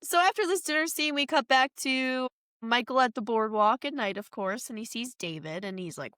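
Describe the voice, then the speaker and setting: A woman with a somewhat high voice co-hosts a movie rewatch podcast, retelling the plot in a chatty, animated way. She jumps into quick bits of dialogue for the characters. The sound is dry and close. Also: smooth, no echo. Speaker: podcast co-host. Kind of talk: casual movie recap chat.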